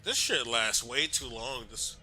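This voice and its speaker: Bright-voiced man thinking aloud over a game. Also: mid-range voice, animated, unhurried, soft background music. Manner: casual, thinking aloud, swears. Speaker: gamer. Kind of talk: let's play commentary.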